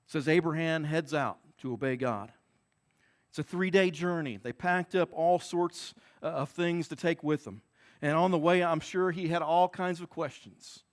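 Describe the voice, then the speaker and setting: A man with a high-pitched voice preaching a Sunday sermon. He talks earnestly and circles back to repeat key words and phrases to drive them home. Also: moderate pace. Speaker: pastor.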